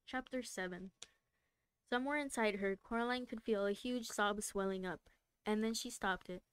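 Smooth, soft-spoken woman reading aloud. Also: medium pitch, normal speed. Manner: soft-spoken, stumbles and restarts on words. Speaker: streamer reading a book aloud. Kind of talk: live read-aloud narration.

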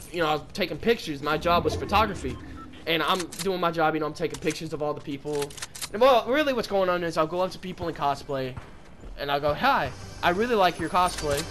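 A man in his twenties rambling and cursing while commenting on his gameplay. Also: on the high side. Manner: rambling, swears often, loud outbursts at the game. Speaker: gaming streamer.

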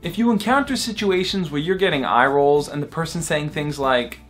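A man's voice: fairly high pitch, normal speed, a bit bright, faint music behind. A young man hosting a vlog, giving dating advice in an upbeat, direct coaching tone.

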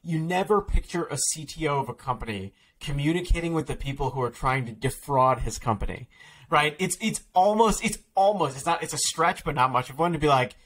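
A man, an author being interviewed on a podcast, talking quickly in a rambling, casual way full of "like" fillers and restarts. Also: fairly high pitch, lively intonation, fairly bright tone.

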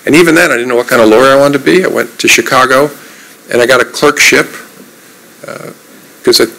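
Guest speaker, man in his 50s, gravelly voice, easygoing anecdotes with dry self-mockery. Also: mid-range voice, quick pace, poor audio. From New Jersey. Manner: relaxed, anecdotal, self-deprecating humor. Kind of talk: storytelling in an onstage conversation.

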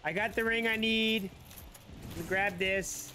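A woman's voice: medium pitch, fairly even intonation, unhurried, bright, forceful tone. A woman giving casual commentary while playing a game, reacting aloud with emotion and apologizing. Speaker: gamer.

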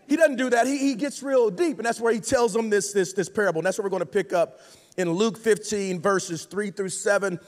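A man's voice: very high-pitched, fairly quick. A man preaching a casual, joking sermon in slangy talk, often saying "like" and stumbling over words. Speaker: guest pastor. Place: large church auditorium. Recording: long reverb in a large hall.

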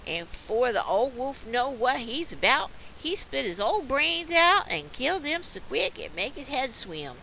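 Slow folksy woman reading a story. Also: high-pitched, very animated, creaky, bright, forceful tone, slight background noise. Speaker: reader. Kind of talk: reading a dialect poem aloud.

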